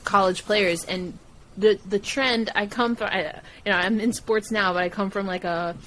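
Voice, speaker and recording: A woman, a guest on a podcast, talking in a lively, laughing way. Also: mid-range voice, moderate pace, slight background noise, poor audio. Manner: animated, laughs often, acts out quoted dialogue. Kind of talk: casual interview chat.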